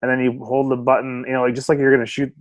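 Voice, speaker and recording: A man's voice: medium pitch, flat delivery, very fast, dry recording, lo-fi sound. A man co-hosting a soccer podcast in casual chat, rambling with many restarts and frequent laughs. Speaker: podcast co-host. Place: home, remote call.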